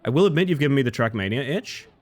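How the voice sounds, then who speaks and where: A man chats casually as he live-streams his gameplay, reading his chat aloud and cracking jokes. His pitch swings all over the place, from bright, squeaky outbursts down to low, half-mumbled asides, though his overall pitch sits in the middle range for a man. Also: rapid-fire. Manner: playful, reads chat aloud and jokes, swings between excited yelps and low mutters.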